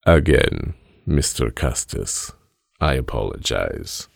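A man's voice: very deep voice, sing-song, slow, vocal fry, dry recording, clean studio sound, exaggerated voice. A man voicing a formal, stilted Romanian man with a Romanian accent. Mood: stiff. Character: stiff, formal Romanian man, mysterious buyer.

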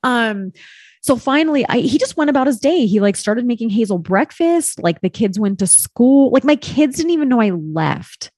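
A woman's voice: on the high side, normal speed, no echo. Candid woman telling a story, dry sound. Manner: candid and expressive, swears, heavy use of "like". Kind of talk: casual storytelling chat.

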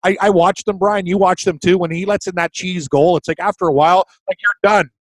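A man co-hosting a podcast, chatting in a rambling, animated way. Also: high voice, fairly quick, no room sound. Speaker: co-host. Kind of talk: casual chat.

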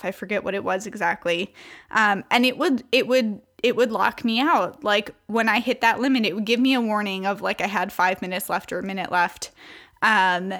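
Brief: young woman, faith coach, loose chatty delivery, mid-pitched voice. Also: a bit bright. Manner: chatty, many fillers and restarts. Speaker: Christian coach. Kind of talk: casual devotional talk to women.

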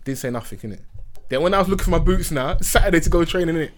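Young London man, slightly higher voice, lively anecdote-teller in casual chat. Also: rapid-fire, very noisy. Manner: animated storytelling with London slang.

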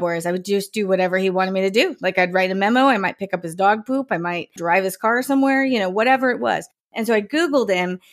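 A middle-aged woman from the American Midwest, a podcast guest telling a story in a chatty, self-mocking way and acting out the voices of people in it. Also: mid-range voice. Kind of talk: casual storytelling.

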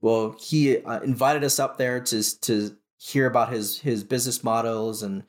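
Male military veteran guest, casual interview storytelling, animated retelling, frequent restarts and fillers, mid-pitched voice. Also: unhurried.

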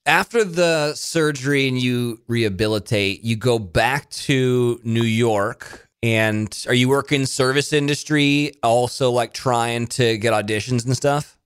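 Guy hosting an interview, mid pitch, curious, sums up the story. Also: a little slow, hardly any pauses, fairly bright tone, smooth. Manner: recaps the guest's story, curious. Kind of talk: casual interview.

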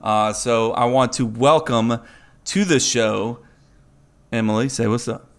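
A man's voice: mid-range voice, measured pace, smooth. A man hosting a casual podcast, introducing guests in an upbeat, playful way. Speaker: podcast host. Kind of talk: casual chat.

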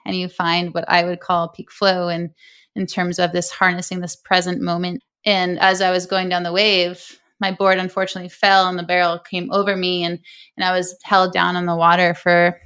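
A woman's voice: on the low side, monotone, moderate pace, a bit bright, clear, resonant tone. A young adult woman, a breathwork coach, telling a personal story earnestly in an interview.

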